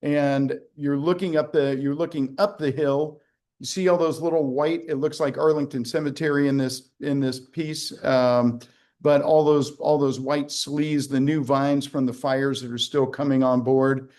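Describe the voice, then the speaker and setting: At a measured pace, a man with a medium, slightly mellow voice and fairly even intonation hosts a casual virtual tasting. He's a winery executive speaking from the winery on a video call, rambling and joking, with fillers and restarts.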